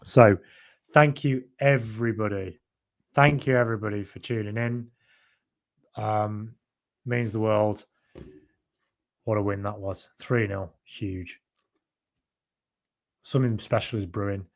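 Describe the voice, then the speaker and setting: A man's voice: lowish voice, fairly even intonation, slow pace, long pauses. An English man with a mild Birmingham accent hosting a football podcast live, chatting casually with many ums and restarts, his voice tiring late at night. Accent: mild Birmingham (Brummie). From England. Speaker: podcast host reading live chat. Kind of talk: casual live-stream chat.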